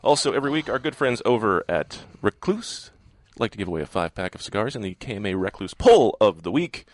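A man's voice: fairly low pitch, sing-song, brisk, no room sound. A man hosting a talk radio show, reading giveaway promos in an upbeat way.

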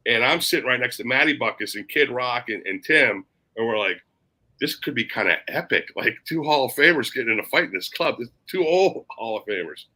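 A man in casual chat, telling a long, animated anecdote and swearing casually along the way. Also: medium pitch, a little fast, rough recording. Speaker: cigar industry storyteller.

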